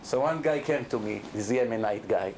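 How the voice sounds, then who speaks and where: A middle-aged rabbi giving a lively Torah lecture to a live audience, speaking emphatically and throwing questions at the listeners. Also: male voice, medium pitch, moderate pace, slight background noise.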